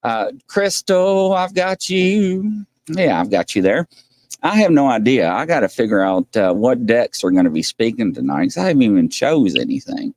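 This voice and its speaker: Male live-stream host, rambling casual chat, animated delivery, dry recording. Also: medium pitch, moderate pace, dry recording. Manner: rambling, laughs often, reads out viewer names.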